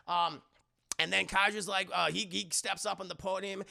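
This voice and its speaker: A man recapping a cartoon for his live chat in a casual, animated and profane way. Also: high voice, moderate pace, creaky. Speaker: streamer reviewing a cartoon.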